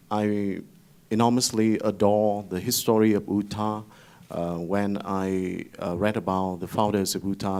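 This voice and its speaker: A man, a diplomat giving formal and halting remarks on a conference panel, pausing often with fillers. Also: fairly low pitch, a little mellow. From Vietnam.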